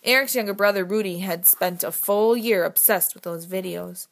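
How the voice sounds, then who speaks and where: A woman's voice: medium pitch, vocal fry. Woman narrating an audiobook. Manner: measured, expressive storytelling. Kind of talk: scripted narration.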